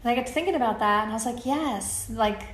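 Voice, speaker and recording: A woman's voice: a little high, lively intonation, very fast, a bit bright, reverberant. A woman talking casually and earnestly to her audience, chatty and enthusiastic, with many fillers and restarts. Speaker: apparel brand founder. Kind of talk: casual talk to camera.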